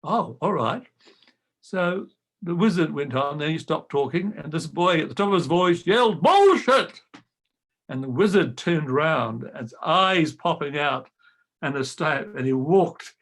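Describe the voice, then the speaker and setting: An older man, a retired choir director, telling lively anecdotes over a video call and acting out the voices he quotes. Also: fairly high pitch, normal speed. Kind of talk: storytelling talk.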